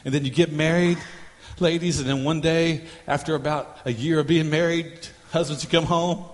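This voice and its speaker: A man's voice: fairly high pitch, steady tone, normal speed, in a large hall. A male pastor delivering a sermon in a repetitive preaching cadence, breaking into humorous role-play.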